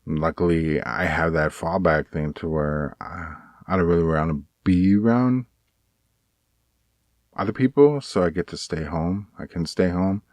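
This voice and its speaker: A man talking in a casual personal vlog, rambling and halting with many restarts, earnest and aggrieved. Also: low-pitched, darkish tone, no echo. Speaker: vlogger.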